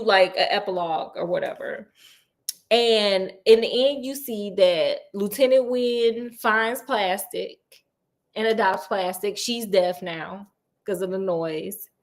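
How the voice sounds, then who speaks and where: A woman casually recapping a horror novel, animated and playful, acting out characters' lines in quick asides. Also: mid-range voice. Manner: playful and sassy. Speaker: book recap host. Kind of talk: casual book recap storytelling.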